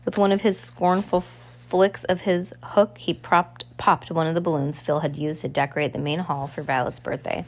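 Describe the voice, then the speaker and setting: Woman reader, lowish voice, relaxed read-aloud with self-corrections. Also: moderate pace. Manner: casual reading with slips and self-corrections. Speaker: audiobook reader. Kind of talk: reading a novel aloud.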